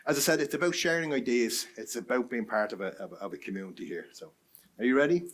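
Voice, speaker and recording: A man's voice: mid-range voice, lively intonation, fast. Jokey man chairing a session. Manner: jokey, banters with the audience. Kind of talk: live event hosting. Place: conference room.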